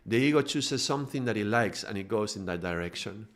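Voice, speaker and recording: A man's voice: fairly low pitch, lively intonation, a little fast, a bit bright. Chatty man teaching with tag questions. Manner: conversational, restarts, frequent tag questions. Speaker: spiritual teacher. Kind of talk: informal spiritual lesson.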